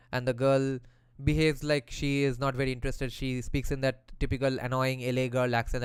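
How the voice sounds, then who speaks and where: A man's voice: medium pitch, little pitch movement, brisk, clear, resonant tone, no echo. A man who reads passages from a philosophy text aloud and explains them in a casual way, using slang and the odd swear word.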